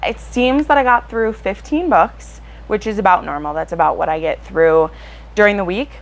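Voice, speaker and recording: A woman book vlogger chatting casually to her viewers, excitable and full of fillers. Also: medium pitch, normal speed, gravelly, poor audio. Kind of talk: casual chat to camera.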